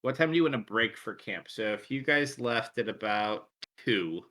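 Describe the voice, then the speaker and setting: Bright-voiced man running a tabletop game. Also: fairly low pitch, lively intonation, moderate pace. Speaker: dungeon master.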